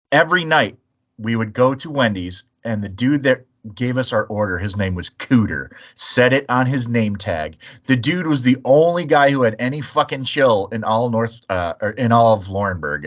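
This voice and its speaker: A man's voice: mid-range voice, lively intonation, normal speed, a bit bright, lo-fi sound. A man from the Chicago area, hosting a casual chat podcast and telling profane, rambling stories. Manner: profane, storytelling. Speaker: podcast host.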